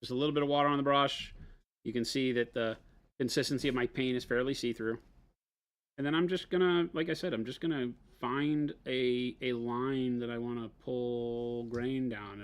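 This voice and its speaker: A man demonstrating painting on a livestream, explaining his brushwork in a relaxed, casual way. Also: mid-range voice. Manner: relaxed, explains as he paints, laid-back slang. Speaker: painting instructor. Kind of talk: casual painting demo chat.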